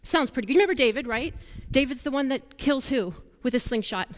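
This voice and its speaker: High-pitched lady doing a kids' sermon, playful, lots of questions, echoey church. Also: fast, slight background noise. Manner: animated, playful storytelling with questions to children. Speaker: children's sermon leader. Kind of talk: children's sermon.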